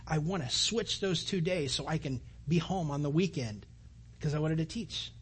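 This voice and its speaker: A middle-aged man preaching a sermon as pastor, telling a personal story in a conversational, animated way. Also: fairly high pitch, moderate pace, husky.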